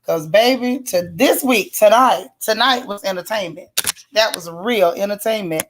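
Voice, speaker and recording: A woman's voice: medium pitch, moderate pace, background noise. A woman hosting a casual live stream, chatting in folksy slang and greeting viewers one by one by name. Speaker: livestream host.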